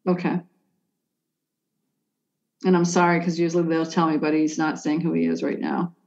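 A woman's voice: deep voice, flat delivery, normal speed, darkish tone. Hesitant woman medium, dull lo-fi sound. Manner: hesitant, full of "like" and restarts. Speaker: psychic medium. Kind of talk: conversational reading for a sitter.

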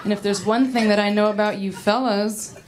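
A young woman doing a stand-up set, chatty and self-mocking, rushing through her rants. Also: medium pitch, fairly even intonation, background noise. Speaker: stand-up comedian. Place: comedy stage. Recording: live stage audio with laughter. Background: audience laughter.

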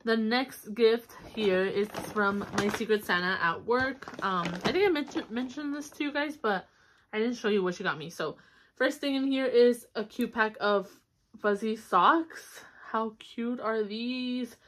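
This young woman's voice is fairly high and fairly bright, and she speaks at a measured pace. She's vlogging a casual haul at home to a camera on a stand, chatty and upbeat, with fillers and tiny squeals of delight.

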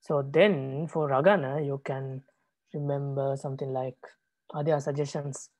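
A man who is a Buddhist monk teaching a language class, patient and repetitive, pausing often with hesitations. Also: mid-range voice, steady tone, a little mellow, dry recording. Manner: patient, repeats words, many hesitations.

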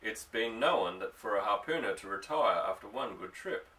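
A man plays an earnest young fisherman in an audiobook, coaxing his sweetheart with a low, bright, forceful voice. The sound is a little distant from the mic. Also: animated, moderate pace. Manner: coaxing, affectionate.

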